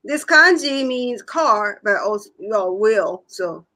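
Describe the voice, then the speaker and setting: A woman's voice: mid-range voice, animated, takes it slowly, bright, forceful tone, low-quality recording. A woman co-hosting a casual livestream with her son, teasing and laughing often, with phrasing. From Japan. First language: Japanese. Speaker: co-host, the host's mother.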